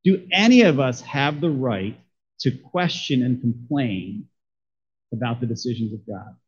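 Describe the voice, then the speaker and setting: A man's voice: medium pitch, expressive, a little slow, slightly rough, muffled recording. A man preaching a sermon as a pastor, talking conversationally and putting questions to his congregation.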